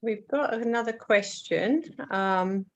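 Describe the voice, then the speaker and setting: A woman's voice: medium pitch, takes it slowly. A woman moderating a group discussion, reading out questions hesitantly and then answering them.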